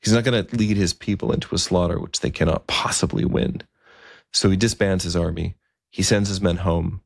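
Deep, gravelly man telling a story. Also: fairly even intonation, no room sound, clean studio sound. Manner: conversational, unhurried, with fillers. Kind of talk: narrated historical storytelling.

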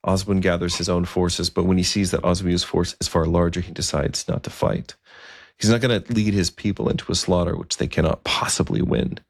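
A man's voice: low-pitched, fairly even intonation, a little fast, gravelly, no room sound, clean studio sound. A man telling a story in a conversational, vivid style. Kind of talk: storytelling narration.

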